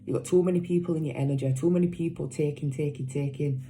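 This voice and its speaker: A woman in a casual tarot reading, with a lowish, mellow voice. She talks emphatically and repeats her warnings, blunt and sweary but caring. A faint hiss sits under the voice. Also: steady tone, fast. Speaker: tarot reader.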